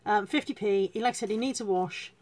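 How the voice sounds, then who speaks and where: A reseller hosting a live stream chats casually with viewers in a mid-range, darkish voice at a brisk pace. She pokes fun at herself and greets people as she goes.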